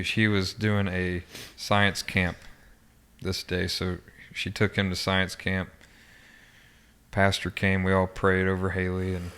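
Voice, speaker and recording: A man as a podcast guest, recounting a personal memory in a halting way, with frequent restarts and fillers, subdued and quiet at times. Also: sits low, smooth. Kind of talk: personal recollection in an interview.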